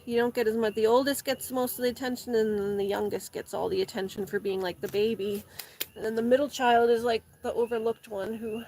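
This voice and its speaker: A woman's voice: a little high, little pitch movement, brisk, a little mellow, slight background noise. Rambling young woman chatting casually. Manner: rambling, says "like" often, laughs a lot. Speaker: vlogger. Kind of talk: casual chat. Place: garden, repotting plants.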